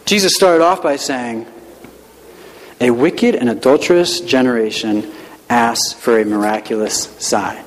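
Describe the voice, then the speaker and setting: A male pastor preaching a sermon in a relaxed, conversational way, with many rhetorical questions. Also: mid-range voice, long reverb tail, rough recording.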